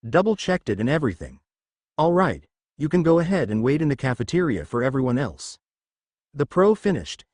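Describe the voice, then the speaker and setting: Male narrator for a fan fiction reading, lively pitch, dry close sound, voices every character with only slight lifts. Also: no room sound.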